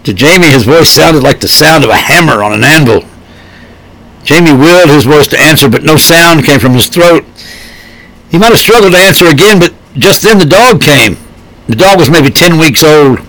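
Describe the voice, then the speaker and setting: Male storybook narrator, steady measured delivery, light higher voice. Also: no echo, rough recording. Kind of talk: storybook reading.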